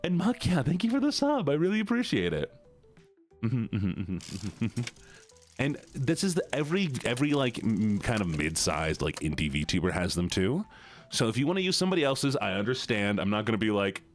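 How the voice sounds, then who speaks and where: A man's voice: lowish voice, big pitch swings, normal speed, faint music behind. A man chatting playfully and teasingly with his chat on a live stream.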